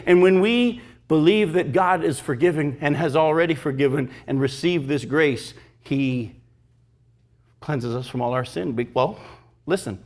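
A pastor in his fifties preaching a sermon, emphatic and animated, mixing teaching with personal stories. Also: fairly high pitch, measured pace.

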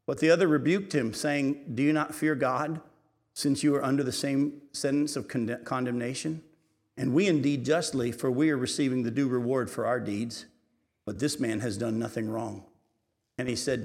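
A man preaching a sermon. He reads scripture aloud, comments on it, and swings between raised and hushed delivery. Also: mid-range voice, steady tone, normal speed. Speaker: pastor. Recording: reverberant hall.

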